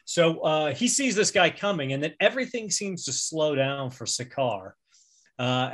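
Player, male, mid-pitched, chatty, thinks out loud, tabletop game. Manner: chatty, thinks aloud with fillers.

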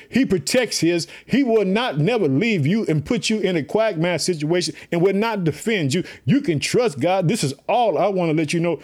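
Fervent preaching man, slightly high voice. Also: darkish tone. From Illinois, USA. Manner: fervent, repetitive preaching with call-outs to listeners. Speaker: pastor and podcast host. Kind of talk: energetic podcast sermon.

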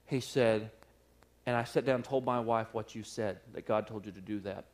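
Animated man telling a sermon story. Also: on the low side, moderate pace. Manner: animated storyteller, acts out quotes, laughs often. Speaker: pastor. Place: church service.

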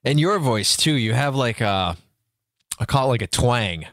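A man hosting a casual interview, often chiming in with quick agreement. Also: medium pitch, expressive, a bit bright. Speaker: show host. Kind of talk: casual chat.

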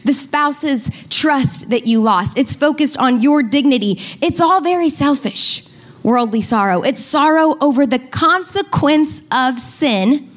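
A woman pastor preaching a sermon to a congregation, stretching key words for emphasis and speaking directly to her listeners. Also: sits high. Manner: addresses congregation directly, asks them to repeat. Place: church before a congregation.

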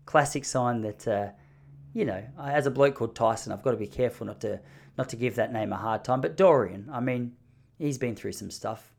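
A man's voice: medium pitch, fairly quick, gravelly. A man in his thirties telling a story casually and with animation. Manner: animated, mimics the people in his stories. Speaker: vlogger.

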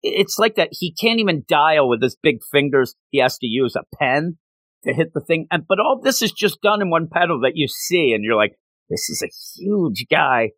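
A man's voice: on the high side, big pitch swings, fairly quick, a bit bright, dry recording, rough recording. A man giving an enthusiastic, rambling recap of a comic book story.

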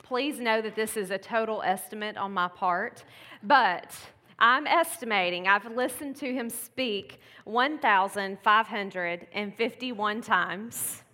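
In a church sanctuary with long hall reverb, a woman delivers a Mother's Day sermon as the pastor's wife, keeping it chatty and casual with laughing asides. She speaks slowly at medium pitch, her tone pushed and bright.

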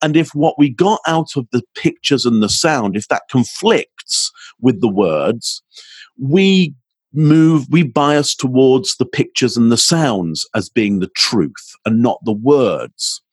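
A man's voice: mid-range voice, animated, slow, slightly rough, dry recording. A man being interviewed as a communications expert, explaining his ideas and demonstrating tones with his own voice. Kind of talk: podcast interview.

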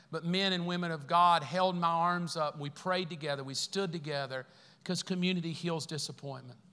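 A middle-aged man preaching a sermon in a fairly high, bright voice. He talks conversationally, slipping in jokes and rhetorical questions. The sound rings with the long reverb of a large hall. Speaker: pastor.

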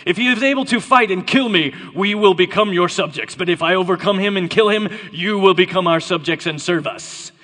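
A man voicing a boastful giant warrior, taunting in a put-on Scottish accent, loud and mock-grand. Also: high voice, fairly quick, few pauses. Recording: reverberant hall.

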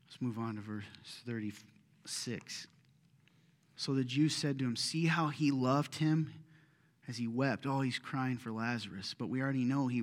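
A man preaching a sermon, swinging from hushed asides to loud, pleading retellings. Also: mid-range voice, big-room sound. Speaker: pastor.

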